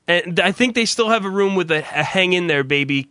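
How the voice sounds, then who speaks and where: A male radio host rants in casual banter, blunt and profane, tripping over his own restarts. His voice is bright and fairly high for a man. It sounds dry and close to the mic. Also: lively intonation, a little fast, no room sound. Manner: blunt, ranting, swears constantly, stammers into restarts.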